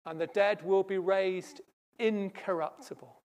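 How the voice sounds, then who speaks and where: Preacher, sermon, emphatic, loud stresses and hushed asides, church service. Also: mid-range voice, lively intonation, normal speed, long pauses.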